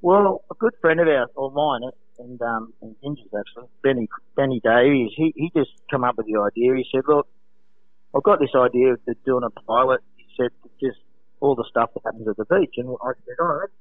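An Australian man calling in to a radio show from home, telling stories in an animated way, laughing often and acting out quotes. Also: medium pitch, a little fast. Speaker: guest, former lifeguard. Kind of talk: casual storytelling on a radio call. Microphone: phone. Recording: tinny phone line.

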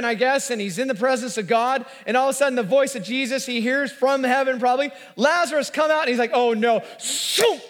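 A man in his forties preaching a sermon, telling the story in an animated way and acting out the voices. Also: extremely high pitch. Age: 40s. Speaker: pastor. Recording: reverberant hall.

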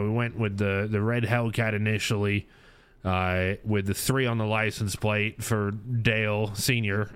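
Smooth-voiced, low man rambling casually. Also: a bit bright. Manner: rambling, many fillers and restarts. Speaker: streamer and podcast host. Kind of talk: casual recap chat.

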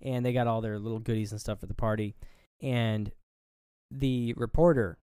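A man's voice: fairly low pitch, level tone, brisk, dark tone, smooth, dry recording, clean studio sound. A man co-hosting a casual movie review chat, rambling and swearing as he acts out scenes. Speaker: podcast co-host.

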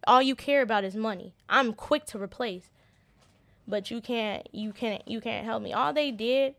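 A young woman telling a personal story as an interview guest. She talks in halting starts and often repeats words in earnest. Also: fairly high pitch, vocal fry, fairly bright tone, no room sound. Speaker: interview guest, business owner.

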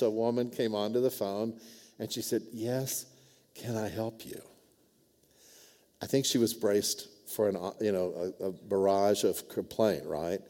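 A man's voice: lowish voice, mellow. A male pastor preaching a sermon, telling a personal story in a conversational way with frequent "right?" and "amen?" asides. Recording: long church reverb.

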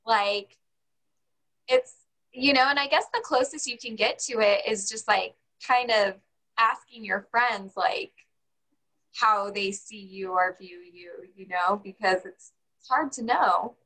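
A woman's voice: mid-range voice, animated, unhurried, pushed and bright, low-quality recording. A woman co-hosting a casual podcast, rambling and filling her talk with "like" and "you know". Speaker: podcast co-host.

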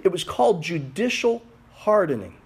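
Animated, high-voiced male preacher. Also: normal speed, breathy edge. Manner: animated, reads scripture aloud and asks rhetorical questions. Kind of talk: sermon.

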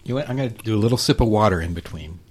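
A woman co-hosting a casual food-tasting chat, excitable and quick to laugh and exclaim. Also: a bass voice, slightly rough. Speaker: co-host.

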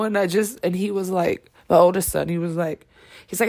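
A woman's voice: fairly low pitch, fast, vocal fry, darkish tone. A woman speaking on her podcast in a candid personal monologue. She is blunt and emphatic, swears often, and halts with many fillers and restarts. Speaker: podcast host.

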